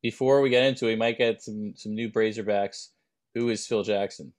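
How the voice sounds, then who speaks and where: A young man co-hosting a podcast, telling rambling anecdotes and dropping deadpan jokes in casual chat. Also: fairly low pitch, a little fast. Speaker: podcast co-host.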